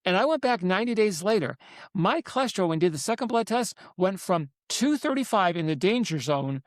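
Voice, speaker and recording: A man in his seventies, a guest author telling stories in an interview, animated and emphatic, often repeating himself. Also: sits high, fast, no echo, studio quality. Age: 70s. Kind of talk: interview storytelling.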